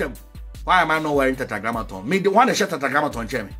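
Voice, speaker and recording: A man with a Ghanaian accent, a spiritual leader preaching and promoting his products, singing out phrases and swinging from loud shouts to low murmurs. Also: very animated, racing, breathy edge, soft background music.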